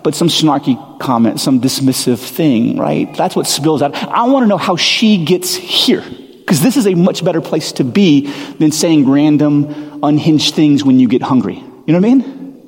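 A man with a fairly high voice delivers a sermon, reading scripture and then talking it through in a candid, self-deprecating way. His voice carries a long reverb, as if it fills a large church sanctuary. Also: lively intonation, moderate pace, a little mellow. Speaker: pastor.

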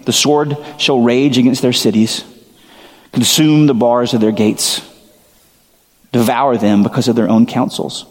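A man delivers a sermon from the pulpit at a middle pitch. He preaches earnestly, leaning on repeated phrases and rising questions. His words carry a long reverb from a large sanctuary. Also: steady tone, a little slow, long pauses. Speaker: pastor.

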